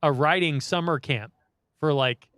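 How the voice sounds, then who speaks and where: A man's voice: fairly high pitch, measured pace, a bit bright, no room sound, clean studio sound. Swearing man in loose podcast chat. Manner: loose, swears a lot, many likes. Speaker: podcast host. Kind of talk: casual chat.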